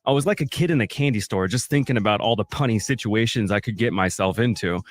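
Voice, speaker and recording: Deadpan man telling a punny story. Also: fairly low pitch, fast talker. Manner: deadpan punny storyteller who acts out the voices in his tale. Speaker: podcast co-host. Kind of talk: comic storytelling, reading a funny review.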